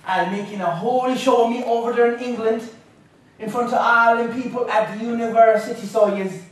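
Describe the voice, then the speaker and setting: A tough old grandmother with an Irish lilt, as a man puts her on, higher than his own voice and dryly deflating anyone who tries to impress her. It echoes through a big lecture hall, captured from a distance. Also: fairly even intonation, fairly quick, lightly acted. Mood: scornful. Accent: Irish-sounding. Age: older. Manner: dry, scolding and deflating.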